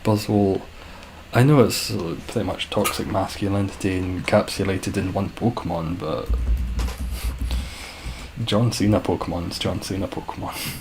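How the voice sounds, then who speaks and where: A man's voice: low-pitched, steady tone, normal speed, noisy background. A young man streaming a game, chatting casually with viewers in a rambling, self-deprecating way.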